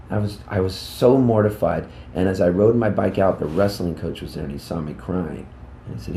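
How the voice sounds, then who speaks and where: A man in his fifties, a musician, telling rambling, animated anecdotes in a casual interview backstage at a music club. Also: deep voice, fast talker, echoey room, slight background noise. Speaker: musician guest.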